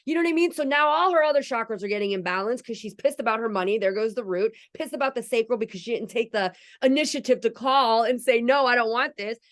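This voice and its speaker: A woman's voice: fairly high pitch, fast talker, hardly any pauses. A woman hosting a casual spiritual podcast, chatty and candid, swearing freely. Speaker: podcast host.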